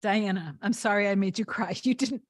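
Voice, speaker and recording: A woman's voice: mid-range voice, a little fast, no echo. A woman manifestation coach chatting on a live stream, earnest and emotional, reading viewer comments aloud. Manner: emotional, warm-hearted.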